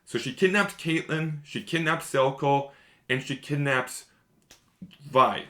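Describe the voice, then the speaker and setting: Guy gushing about a show in a casual review, mid-pitch voice, rambles a lot. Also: fairly even intonation, slow pace, a bit bright. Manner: enthusiastic, rambling, repeats himself.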